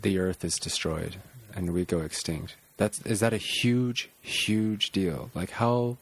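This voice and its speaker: A man hosting a casual interview, musing aloud in a relaxed way with many fillers. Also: sits low, takes it slowly, husky. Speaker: podcast host.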